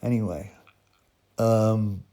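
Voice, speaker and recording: A man's voice: on the low side, fairly even intonation, takes it slowly, warm tone. A man ranting bluntly through a story on his vlog, repeating himself indignantly. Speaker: vlogger.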